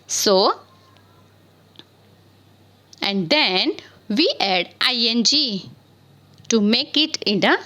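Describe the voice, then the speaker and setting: A woman's voice: a little high, lively intonation, very slow, long pauses, bright, forceful tone, poor audio. A woman teaching English grammar in a screen-recorded lesson. She spells words out letter by letter and asks questions that she answers herself. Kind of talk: slow spelling lesson on verbs.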